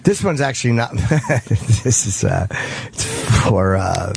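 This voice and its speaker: A man's voice: medium pitch, lively intonation, takes it slowly, gravelly, background noise. A man co-hosting a radio show, telling stories animatedly, acting out voices and breaking into giggles. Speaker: radio co-host. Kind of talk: casual radio banter.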